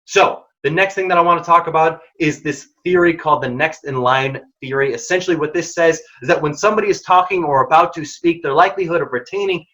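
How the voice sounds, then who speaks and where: A man's voice: fairly high pitch, quick pace, few pauses, bright, forceful tone, dull audio. A man hosting a career workshop, giving direct, emphatic advice in short punchy lines. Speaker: program founder and workshop host.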